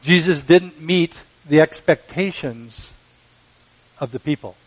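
A man preaching a sermon, measured and emphatic, with dramatic pauses. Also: a little high, slightly rough, poor audio. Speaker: pastor.

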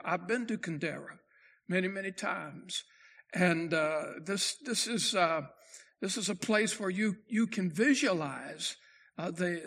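A male pastor preaching in a high, bright voice. He stresses his points with emphasis and slows right down, rising in pitch, whenever he quotes scripture. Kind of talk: sermon.

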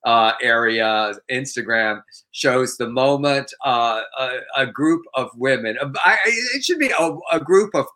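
A man co-hosting a podcast, retelling a news story in lively casual chat with mock quotes. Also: mid-range voice, measured pace. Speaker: podcast co-host.

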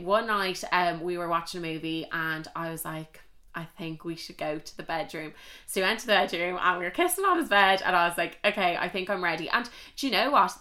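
A woman's voice: lowish voice, pushed and bright. A young woman with an Irish accent hosting a podcast, telling personal stories in a candid, chatty way and swearing freely. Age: young adult. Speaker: podcast host. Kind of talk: casual confessional storytelling.

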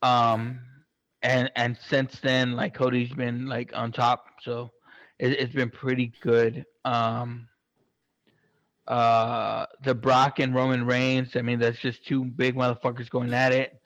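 An excitable man chats casually in an ordinary mid-range voice, swearing constantly and rambling through plenty of fillers. The recording is dull, lo-fi, dry and close, and the delivery is slow.

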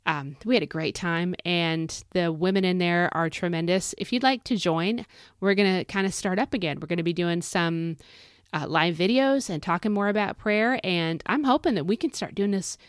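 A woman's voice: on the low side, moderate pace, clear, resonant tone, dry recording, studio quality. A middle-aged woman hosting a devotional podcast, preaching in a fervent, folksy, exhorting way. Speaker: podcast host.

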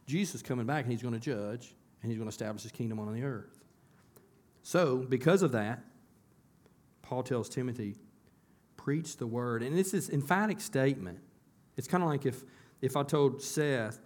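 A man preaching a sermon as pastor of a church. His voice sits at an ordinary middle pitch. He talks in a conversational way, asks the congregation questions, and doubles back on his words as he restarts. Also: moderate pace.

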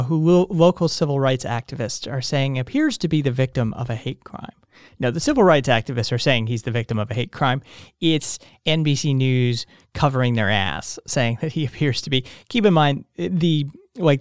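Male solo podcast host, sleepy and meandering, mid-pitched resonant voice, dry close mic, casual cursing. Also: clean tone, dry recording. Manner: meandering, frequent fillers and restarts, swears casually. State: tired, yawning. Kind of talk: casual rambling monologue.

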